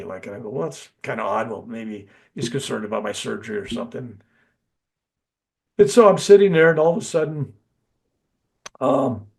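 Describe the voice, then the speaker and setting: An older man telling a personal story in an animated way, acting out the people he quotes. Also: mid-range voice, creaky. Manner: animated, quotes others in lively bursts. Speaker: guest recounting a near-death experience.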